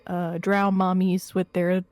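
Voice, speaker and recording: A woman's voice: fairly low pitch, flat delivery, slow pace, darkish tone. A woman playing a tabletop game, casual and joking with the group. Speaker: player.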